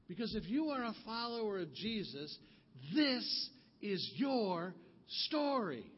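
A man preaching a sermon, telling a story in the second person and acting out the voices of the people in it. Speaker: pastor. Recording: muffled audio with long hall reverb and faint rumble.

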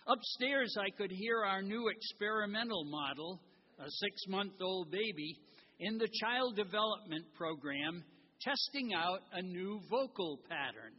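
An older man preaching a sermon and reading a story aloud with gentle humor, recorded in a church. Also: high-pitched, breathy edge. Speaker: guest preacher. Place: church sanctuary. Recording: dull recording in a large reverberant church.

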